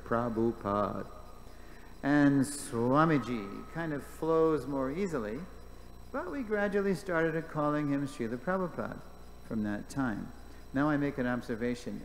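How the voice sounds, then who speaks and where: Man teaching in an echoey hall. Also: medium pitch. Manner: animated storyteller, reads quotes aloud, jokes with the class. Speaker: class presenter. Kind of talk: reading aloud and commenting in a class. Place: temple hall. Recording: echoey hall with faint background noise.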